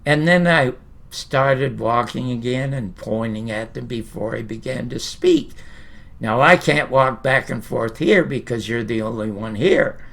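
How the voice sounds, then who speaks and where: A man's voice: medium pitch, a little slow, vocal fry, fairly bright tone. An older man from Canada hosting a storytelling monologue to camera, a blunt, opinionated raconteur who swears casually. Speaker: host.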